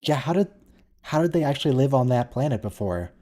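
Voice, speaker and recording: A man with a mellow, relaxed voice comments casually during a watch-along. He muses aloud, often restarting his sentences mid-thought, in an easygoing conversational way. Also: medium pitch, brisk.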